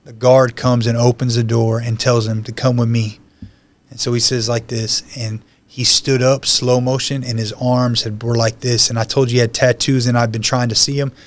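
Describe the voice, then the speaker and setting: A man's voice: medium pitch, level tone, normal speed. A man, a podcast guest, telling his life story in an earnest, conversational way with many "you know" asides. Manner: emotional, heartfelt retelling. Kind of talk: personal testimony storytelling.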